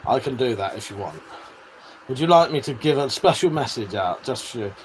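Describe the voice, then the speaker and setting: A livestream host from the United Kingdom answers viewer comments in a relaxed chat, speaking a little fast in a mid-range voice with lively intonation. He curses freely and laughs a lot, and a faint fan hum sits in the background.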